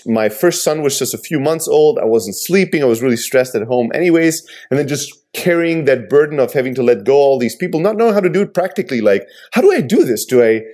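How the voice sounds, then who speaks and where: A man's voice: mid-range voice, expressive, fast talker, few pauses, warm tone. A man and entrepreneur sharing hard moments of his career in an earnest, reflective conversational way.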